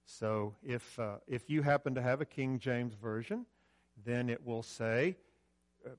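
A man preaching a sermon in a church, conversational, alternating loud emphasis with quiet asides and giving cues to the slide operator. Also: mid-range voice, a little slow. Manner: directs the slide operator mid-talk. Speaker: pastor. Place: church sanctuary with a screen.

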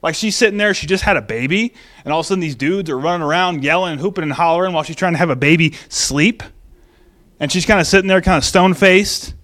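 A male pastor with a high voice gives a relaxed, animated sermon. He reads scripture, prays, and talks through the story conversationally, often restarting his phrases. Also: quick pace. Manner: casual, animated teaching with restarts.

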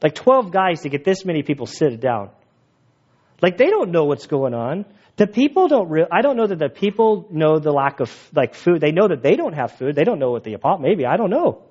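A man preaching a sermon and telling his own stories in an animated, jokey way, laughing at his own stories. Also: on the high side, brisk, breathy edge, dull audio. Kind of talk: sermon with personal storytelling.

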